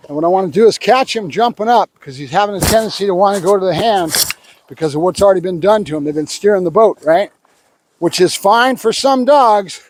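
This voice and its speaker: A man working as a dog trainer, calling short firm commands to a dog and calmly explaining his method as he trains. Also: high-pitched.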